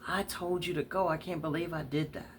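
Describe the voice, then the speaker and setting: A woman storyteller voicing a devoted lover who is tender, helpless and blames themself, speaking softly and pleadingly. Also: low-pitched, steady tone, brisk, slight background noise, natural voice. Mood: guilty. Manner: soft, pleading, self-blaming. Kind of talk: dramatic story reading.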